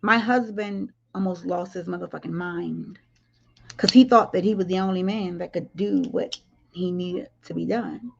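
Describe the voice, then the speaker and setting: A woman's voice: on the low side, normal speed, gravelly. Woman going off on a livestream, blunt and cussing, bit of a dull sound. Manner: blunt, profane, addresses viewers directly. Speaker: livestream commentary host. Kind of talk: casual livestream commentary.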